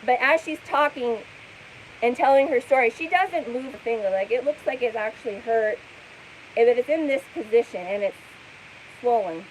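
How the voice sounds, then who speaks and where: A high-pitched woman talks casually to camera, rambling with lots of "like" and "um." She sounds skeptical and picks apart what she has seen. A faint hiss sits behind her voice. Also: poor audio. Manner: skeptical, rambling, full of fillers. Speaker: commentator. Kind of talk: casual commentary vlog.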